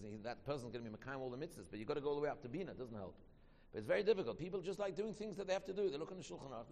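Fast gravelly man teaching in a hall. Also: mid-range voice. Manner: quick, repetitive, with many restarts. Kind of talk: Torah class teaching.

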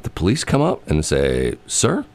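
A man's voice: mid-range voice, huge pitch swings, moderate pace, vocal fry, darkish tone. A man hosting a casual talk show. He rambles and fills his talk with "you know" and "I mean". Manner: acts out quoted voices while telling stories. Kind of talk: casual chat.

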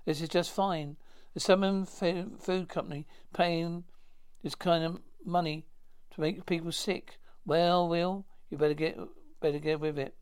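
A man acting a fast-talking character in a 1950s TV drama, with brisk, stagey dialogue. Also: on the high side, steady tone, smooth, lightly acted.

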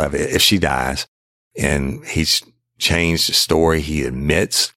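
A man with a very low, rough, fry-laden voice recounts an old police case. His speech is halting and blunt, full of restarts and cursing. The sound is close and dry. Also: fairly bright tone, no room sound. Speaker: former police detective telling a case story. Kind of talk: casual spoken storytelling.

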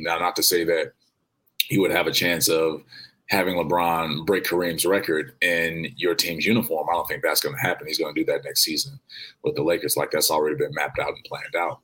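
Deep-voiced man from Chicago. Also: sharp tone, husky, rough recording. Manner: loose, rambling, with many fillers. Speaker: podcast co-host. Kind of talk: casual sports chat.

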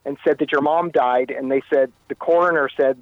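A man recounting a personal story as an interview guest, halting and often repeating his words. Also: mid-range voice, steady tone, no room sound, phone-quality sound. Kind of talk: telling a personal story in conversation.

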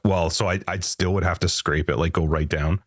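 A man with a very deep voice co-hosts a podcast. He talks in a laid-back way and thinks out loud. The sound is dry and close to the mic. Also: fairly even intonation, brisk, no room sound. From Canada. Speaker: podcast co-host. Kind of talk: casual chat.

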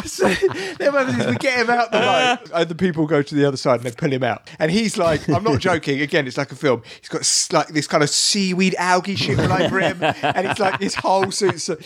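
High, lively man telling stories. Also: brisk, hardly any pauses, breathy edge. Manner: excitable storyteller, shouts and swears in retold quotes. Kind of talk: casual chat.

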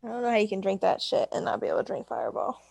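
A woman's voice: medium pitch, sing-song, very fast, creaky, a little mellow, breathy edge, dry recording. A woman co-hosting a casual chat, mostly giving short, dry reactions to her friend's stories.

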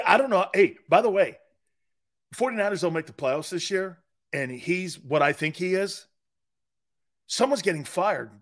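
A man hosting a live sports talk show, loud and joking, often laughing at his own lines. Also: fairly high pitch.

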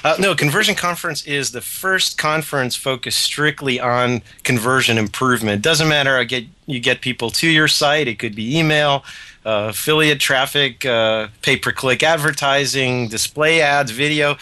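A man interviewed as a radio guest, chairing a conference, brisk and self-deprecating as he lists his points. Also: mid-range voice, pushed and bright.

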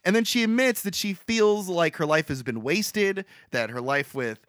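A young man retells a film scene by scene in loose, rambling podcast chat, laughing easily. His voice sits a little high and leaps around in pitch. The sound is close and dry. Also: moderate pace, no room sound. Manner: rambling, animated, laughs often. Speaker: podcast co-host recapping a movie. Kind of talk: casual chat.

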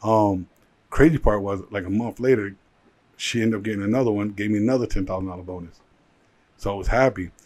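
Lively low-voiced man telling his story. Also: a little fast. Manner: animated storyteller with many "like" fillers. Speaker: guest, jeweler and entrepreneur. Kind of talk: casual interview storytelling.

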